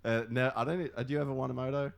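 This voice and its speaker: A man's voice: mid-range voice, fairly even intonation, racing, gravelly. A man in his twenties with an Australian accent, chatting casually on a podcast, rambling with lots of fillers and frequent swearing. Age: 20s.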